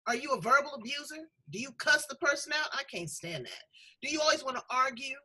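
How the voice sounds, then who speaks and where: A woman's voice: sits high, animated, brisk, bright, forceful tone, poor audio. A middle-aged woman hosting a talk show, chatting in a candid, folksy, emphatic way. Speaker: show host. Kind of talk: casual talk-show conversation.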